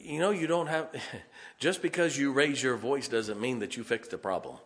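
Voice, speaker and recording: A man's voice: mid-range voice, normal speed, a bit bright. A middle-aged man pastor preaching a sermon, telling folksy stories and laughing often. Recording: reverberant hall.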